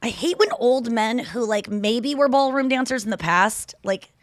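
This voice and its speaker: A woman's voice: fairly high pitch, normal speed, no room sound, studio quality. A woman in her thirties, a comedian hosting a podcast, chatting casually and mocking people in put-on voices. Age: 30s. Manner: animated, profane, acts out quotes in mocking voices; frequent "like" fillers and restarts. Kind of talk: casual chat.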